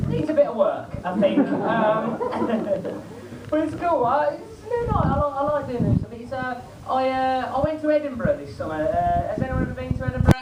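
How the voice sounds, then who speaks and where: A man's voice: very high-pitched, very animated, normal speed, recorded from a distance. An eighteen-year-old man doing rambling, chatty stand-up comedy and teasing the crowd. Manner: rambling, chatty, crowd-baiting, many fillers. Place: comedy club stage. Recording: echoey room, heard from afar, noisy.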